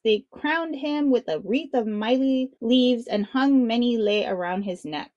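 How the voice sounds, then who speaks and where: Expressive woman reading a children's story. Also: fairly high pitch, unhurried, few pauses, dry recording, muffled recording. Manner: expressive, dramatic narration. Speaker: children's book reader. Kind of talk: read-aloud storytelling for children.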